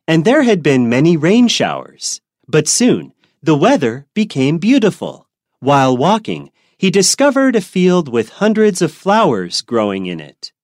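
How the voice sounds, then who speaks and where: A woman reading an English learners' storybook aloud slowly and clearly, then answering its comprehension questions. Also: sits low, a little mellow, no room sound, clean studio sound. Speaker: reader of a graded English reader.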